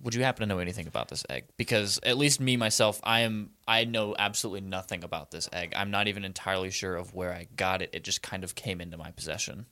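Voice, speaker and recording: A man's voice: low voice, fast, hardly any pauses, bright, forceful tone. A man voicing a polite, hesitant adventurer who stammers his requests. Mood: curious. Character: polite, fumbling adventurer-artist.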